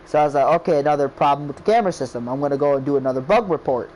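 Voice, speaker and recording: With rapid-fire delivery and a slightly high, darkish voice, a game creator rambles casually about building his game, quoting friends over and over and repeating "I was like." The audio is poor, with a little hiss or hum.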